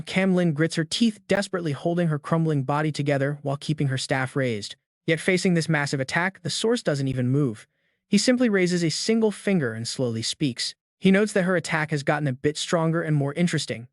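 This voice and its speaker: A man giving a scripted story recap in an even, steady reading, voicing the dialogue quotes in the same plain tone. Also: fairly high pitch, dry recording, clean studio sound. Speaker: recap narrator.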